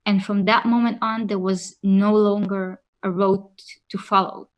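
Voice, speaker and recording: A woman co-hosting a casual podcast chat, speaking in an earnest, measured way. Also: mid-range voice, flat delivery. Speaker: podcast co-host.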